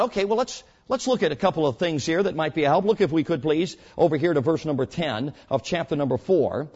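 A man preaches a sermon in a high voice that leaps up and down with great animation. He swings from loud, shouted lines to soft, quiet asides. The recording sounds dull and lo-fi. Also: lively intonation, a little fast, few pauses, husky.

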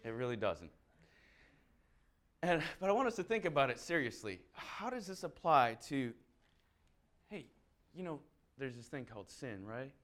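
Male preacher, conversational and animated, jokes through his sermon. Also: medium pitch, moderate pace. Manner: chatty, humorous, animated. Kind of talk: sermon with storytelling.

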